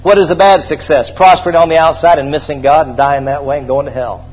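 Male pastor, high husky voice, emphatic call-and-response preaching, lo-fi church recording. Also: steady tone, quick pace. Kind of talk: sermon.

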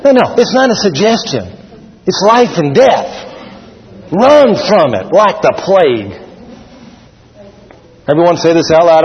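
A man preaching a sermon to a congregation, animated, acting out scenes with shouts and laughs. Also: high-pitched, unhurried, pauses often. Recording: dull sound with long hall reverb.

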